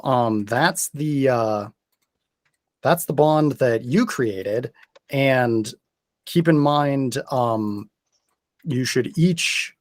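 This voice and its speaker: A male game master explains rules in a careful, hesitant, methodical way. His voice sits at a middle pitch for a man. The sound is dry and close, with little room. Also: dry recording.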